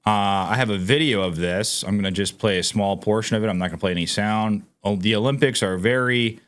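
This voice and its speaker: A man's voice: on the low side, a little fast, fairly bright tone, clear, resonant tone. A man hosting his own commentary channel. He talks casually and emphatically to viewers, reads news items aloud and sounds incredulous. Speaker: political commentary channel host.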